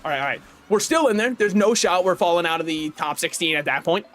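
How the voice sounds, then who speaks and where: High-voiced excitable male streamer. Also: quick pace. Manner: excitable, profane banter with chat. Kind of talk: live gameplay commentary. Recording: faint game music behind.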